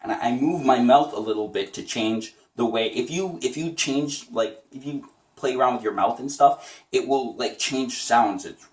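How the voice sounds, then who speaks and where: A man's voice: mid-range voice, moderate pace, far from the mic. A man teaching voice impressions in a casual, chatty tutorial, upbeat and often laughing. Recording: roomy echo, away from the mic.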